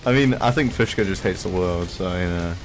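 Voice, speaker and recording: A man's voice: deep voice, a little fast. A young man co-hosting a casual podcast, teasing and laughing a lot. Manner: drawling, laughs often, teasing. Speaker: podcast co-host. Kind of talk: casual chat. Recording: faint background noise.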